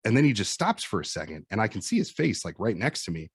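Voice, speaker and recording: A man in his forties with a Midwestern American accent, a firefighter and instructor telling animated stories and acting out what people said. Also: fairly low pitch, quick pace, breathy edge, no room sound, studio quality. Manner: animated storyteller acting out quotes. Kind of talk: casual storytelling chat.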